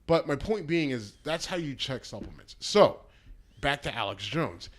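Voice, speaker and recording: A man's voice: medium pitch, expressive, moderate pace. A man co-hosting a casual podcast, talking bluntly and throwing in crude jokes. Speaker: podcast co-host. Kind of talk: casual chat.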